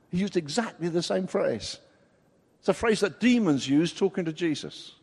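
Animated male preacher in a reverberant hall. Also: high voice, normal speed, vocal fry, husky. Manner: expository, animated, rhetorical questions. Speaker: pastor. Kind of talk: sermon.

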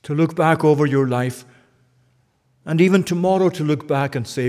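A man's voice: on the high side, normal speed, long pauses, a little mellow, long reverb tail. A male pastor preaching a sermon with earnest, urgent, pleading appeals to his listeners.

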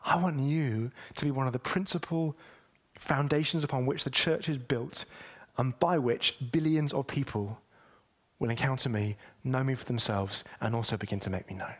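A preacher voicing a gentle, forgiving man, speaking low and soft with calm reassurance. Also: moderate pace, close to an everyday voice. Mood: reassuring.

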